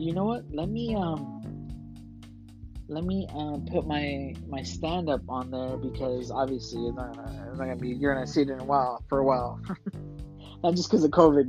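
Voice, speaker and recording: A man's voice: a little high, a little mellow, dull audio. Rambling, self-mocking male podcast host. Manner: rambling, self-deprecating, apologetic. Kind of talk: casual chat.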